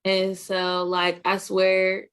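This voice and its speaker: A woman's voice: medium pitch, extremely slow, clear, resonant tone. A woman, an aunt, chatting casually and telling a family story, acting out the quoted lines. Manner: storytelling with lively quoted voices. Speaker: group discussion participant, aunt. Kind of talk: casual chat.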